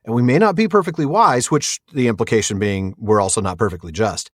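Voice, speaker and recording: A man's voice: on the low side, fairly quick, no echo, clean studio sound. Enthusiastic man discussing a book. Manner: enthusiastic, laughs easily. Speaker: podcast co-host.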